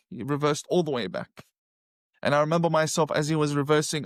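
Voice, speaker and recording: A man's voice: on the high side, no room sound, studio quality. A middle-aged man, telling a personal story with emphasis and acting out what he once said. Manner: emphatic, acts out his own past words. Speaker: guest telling his conversion story.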